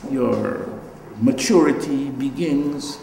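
A man's voice: mid-range voice, slow pace, creaky, warm tone, echoey room, big-room sound, slight background noise, rough recording. An older man with a Guyanese accent, an artist giving a reflective, storytelling talk about his work in a gallery. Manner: reflective, storytelling, trailing asides.

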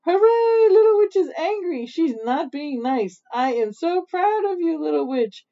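A woman voicing a contrary witch mother in a storybook, shrieking loud and high, on a slightly dull recording. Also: animated, moderate pace. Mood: gleeful.

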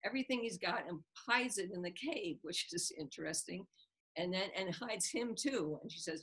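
A woman's voice: fairly low pitch, moderate pace, husky, rough recording. A woman author being interviewed, retelling a scene from a book and acting out its characters' lines. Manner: animated storyteller, acts out the characters' lines with a laugh.

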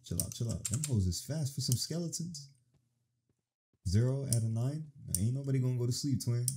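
A young man gives profane, excited let's-play commentary, talking to the game as he plays. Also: mid-range voice, brisk, a little hiss or hum. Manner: profane, animated reactions, talks to the game. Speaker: gaming streamer.

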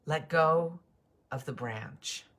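A woman voicing God in a short parable, speaking calmly and firmly. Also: low-pitched, takes it slowly, heavily acted. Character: God, calm and commanding.

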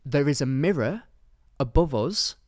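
A man's voice: a little high, animated, measured pace, darkish tone, dry recording, studio quality. A young man co-hosting a podcast, telling a long story in casual chat with lots of fillers. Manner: rambling storytelling with many fillers. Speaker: podcast co-host.

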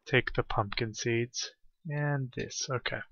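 Man, let's play commentary, slow and mumbly, self-deprecating, lo-fi sound. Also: mid-range voice, steady tone, vocal fry, a bit bright, no room sound. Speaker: video game player. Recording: dull lo-fi recording.

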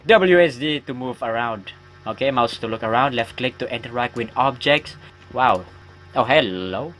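A horror game has this gaming YouTuber chatting away in rambling let's-play fashion, joking at his own expense and yelping at jump scares. His mid-range voice is fairly bright with lively intonation and a moderate pace, over slight background noise.

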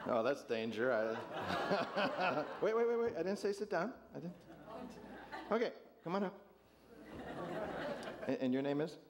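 A man's voice: on the high side, big pitch swings, unhurried, long pauses, noisy background. A man pastor leading an interactive sermon with volunteers, jovial and chuckling as he asks the congregation questions.

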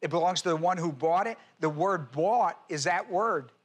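A male pastor teaching a sermon verse by verse, reading scripture aloud and slowing down to stress key words. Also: sits high, slightly rough. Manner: reads scripture aloud and spells out Greek words. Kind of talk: expository Bible teaching sermon.

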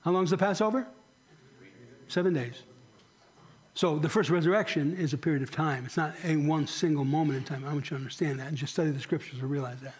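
Man, pastor, sermon, earnest, rhetorical questions, slightly high voice, church. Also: quick pace, husky. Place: church sanctuary.

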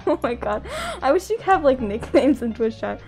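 Her high, darkish voice has lively intonation and a normal speed as this young woman from the US West Coast streams and chats with viewers. She's giggly, talks to chat and laughs often, with faint background music.

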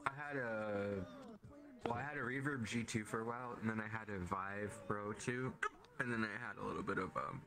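A man's voice: lowish voice, moderate pace, noisy background. A man chatting casually in a VR game, laid-back and swearing freely. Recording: online voice chat with crowd chatter.

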